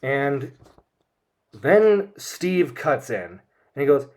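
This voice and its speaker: A man talking through a film in a casual commentary, recapping scenes as he goes. He is opinionated and frank. His pitch sits in an ordinary middle range. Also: very animated, drawn-out words, pauses often, darkish tone. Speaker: film reviewer.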